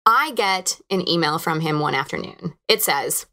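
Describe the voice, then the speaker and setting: A woman's voice: deep voice, animated, normal speed, few pauses, sharp tone. A woman in her thirties, hosting a podcast, telling a candid, reflective personal story. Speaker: podcast host.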